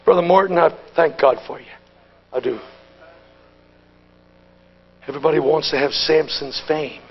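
A man preaching a Pentecostal sermon at a conference. He talks in a folksy, plain-spoken way and swings from hushed asides to shouted exhortation. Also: on the high side, normal speed, muffled recording, a little hiss or hum.

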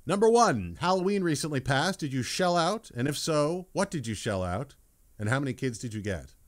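Lively, stammering male podcast host. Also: fairly high pitch, moderate pace, faint music behind. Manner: enthusiastic, stammering, quiz-style questions. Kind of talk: casual interview chat.

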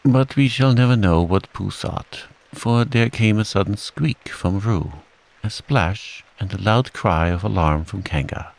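A man calmly reading a bedtime storybook aloud, in a soothing manner. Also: lowish voice, unhurried, vocal fry. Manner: calm, soothing. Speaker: narrator.

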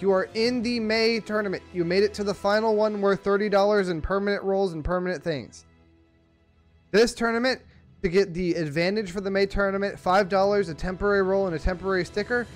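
A man hosting a gaming stream, announcing tournament results in an upbeat, eager way. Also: high-pitched. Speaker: stream host. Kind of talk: casual stream chat.

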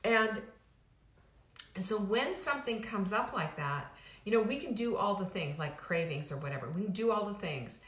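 A middle-aged woman giving a motivational talk as host of her own program. She speaks emphatically and casually, often restarting her sentences and repeating phrases for effect. Her voice sits at an ordinary pitch and rings in a roomy space. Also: expressive, normal speed, fairly bright tone. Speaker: weight-loss program host. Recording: roomy echo.

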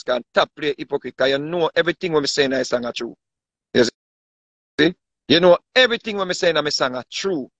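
A man's voice: fairly high pitch, a bit bright, dry recording. A man with a Jamaican accent ranting casually, boastful and repetitive, often asking if you understand him. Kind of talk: casual rant to camera. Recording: dull dry lo-fi sound.

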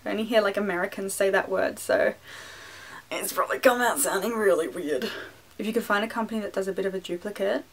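A young woman with an Australian accent talks through an unboxing in a relaxed, chatty vlog manner. She goes off on tangents and pokes fun at herself with apologetic asides. Her voice sits at an ordinary middle pitch. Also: quick pace. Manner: chatty, self-deprecating, animated asides. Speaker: wand collector and vlogger. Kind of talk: casual unboxing chat.

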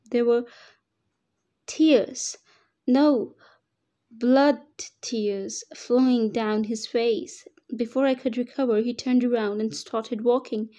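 Female narrator for emotional first-person fiction; slow, warm, slightly high voice. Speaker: story reader. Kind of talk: dramatic reading of fan fiction.

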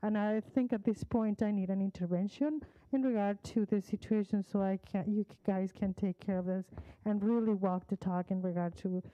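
A woman's voice: medium pitch, fairly even intonation, moderate pace, mellow, no echo, dull audio. A woman speaking as a parent at a public meeting, earnest and formal, emotional as she chooses her words carefully. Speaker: parent giving public comment.

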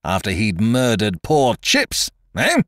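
A man's voice: lowish voice, very animated, slow pace, a bit bright, no room sound, clean studio sound, exaggerated voice. A man playing a stern ship captain. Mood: stern commanding. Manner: stern, commanding.

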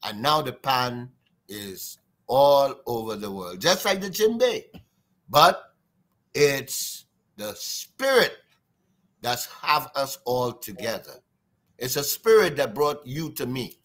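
A man with a Trinidadian accent, a guest drummer telling stories in an interview, lively and sing-song, imitating drum sounds. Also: mid-range voice, slow pace. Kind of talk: animated storytelling interview.

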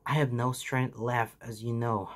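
A man voicing a weary, solemn older mentor hero in a fan fiction reading, speaking slowly and gravely. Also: medium pitch, flat delivery, a bit bright, natural voice. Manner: grave, slow and deliberate.

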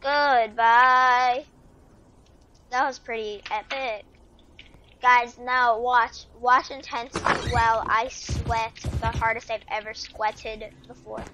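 Woman, gameplay commentary, excitable, trash-talking, slow-paced, noisy recording. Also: on the high side. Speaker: gamer. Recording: clear background noise.

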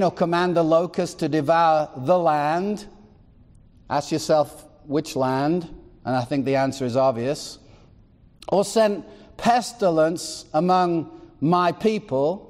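A man's voice: on the high side, darkish tone, long reverb tail. A man preaching a sermon as pastor, reading scripture aloud and firing rhetorical questions at the congregation. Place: church.

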